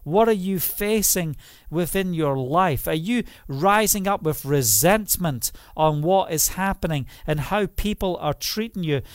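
An earnest man preaching a livestream sermon, his voice sitting a little high. He pleads with the listener and fills his talk with "you know". The room is dry and close. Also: lively intonation, unhurried, clean tone, dry recording. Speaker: pastor.

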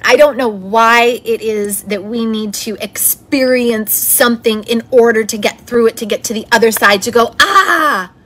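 A woman's voice: fairly high pitch, steady tone, normal speed, hardly any pauses. A woman hosting her own podcast, talking in a chatty, encouraging and upbeat way. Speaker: podcast host. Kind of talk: solo motivational podcast talk.

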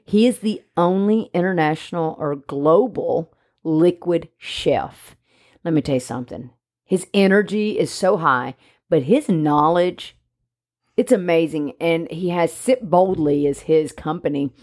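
A woman co-hosting a casual podcast chat, animated and jokey. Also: low voice, unhurried. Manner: animated, jokey, speaks for the dog in mock voices. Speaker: podcast co-host, dog trainer.

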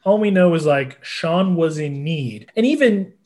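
A man's voice: on the high side, lively intonation, a little slow, a little mellow. A man co-hosting a podcast, talking casually with lots of fillers and light laughter. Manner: rambling, many fillers and laughs. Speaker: podcast co-host. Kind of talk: casual chat.

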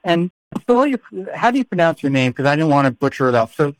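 A man's voice: on the high side, very animated, fast, no room sound. A man hosting a podcast in casual, playful banter, joking and often repeating his words. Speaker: podcast host.

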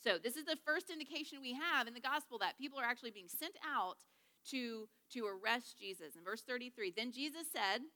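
A woman's voice: on the high side, lively intonation, brisk, pushed and bright, long reverb tail. A woman teaching a Bible study lesson to a group in a chatty, joking way, checking in with her listeners. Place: large room with a group.

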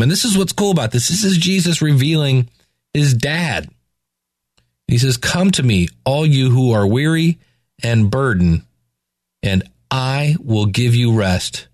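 A man reading Bible passages aloud and paraphrasing them in a relaxed, slangy way. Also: mid-range voice, no echo, clean studio sound. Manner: reads scripture aloud then paraphrases in slangy asides. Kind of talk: casual Bible reading and commentary.

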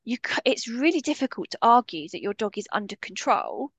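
A woman's voice: a little high, very animated, fairly quick, dry recording. A woman dog behaviourist giving a podcast interview, speaking bluntly and with strong feeling. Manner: blunt, impassioned.

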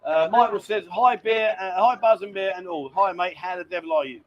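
A man's voice: sits high, a little fast, dull audio. A man hosting a casual live stream from a lounge bar, chatting with viewers and reading their messages aloud. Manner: chatty, reads viewer messages aloud, calls people mate. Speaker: livestream host.

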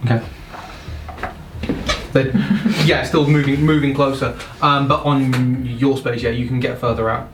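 A man running a tabletop game as dungeon master, relaxed and repeating okay a lot. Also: mid-range voice, a little slow, long pauses. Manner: relaxed, lots of repeated okays. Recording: roomy distant mic with background noise.

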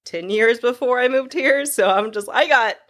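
A woman from Texas in relaxed casual conversation, agreeable and easygoing. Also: a little high, normal speed. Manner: relaxed, agreeable, short backchannels. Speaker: conversation partner. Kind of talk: casual chat.

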